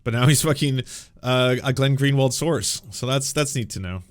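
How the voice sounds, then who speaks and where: A man's voice: medium pitch, normal speed. A man giving sarcastic, profane political commentary in a mocking tone.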